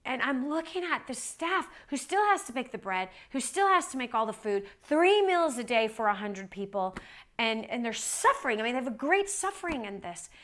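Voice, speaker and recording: A woman's voice: fairly high pitch, very animated, moderate pace, a bit bright. A woman preaching in a conversational storytelling way, repeating phrases for emphasis and dropping in tag questions like "right?". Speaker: Christian speaker. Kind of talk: storytelling sermon.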